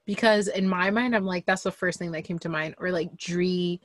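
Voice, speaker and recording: A young adult woman co-hosting a casual podcast chat, animated and emphatic. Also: on the low side, normal speed, dry recording. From Liberian family. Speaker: podcast co-host.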